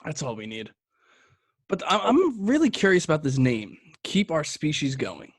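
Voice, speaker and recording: A man's voice: a little high, wildly swooping pitch, moderate pace, slightly rough, dry recording. A young man co-hosting a beer review podcast, chatting casually with crude, joking banter. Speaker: podcast co-host reviewing beers. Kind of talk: casual chat.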